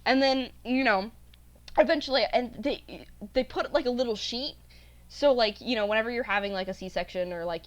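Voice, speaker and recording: A young woman co-hosting a casual podcast chat, telling stories with lots of quoted back-and-forth and voices for the people in them. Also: medium pitch. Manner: animated storytelling, acting out quoted voices. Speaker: podcast co-host.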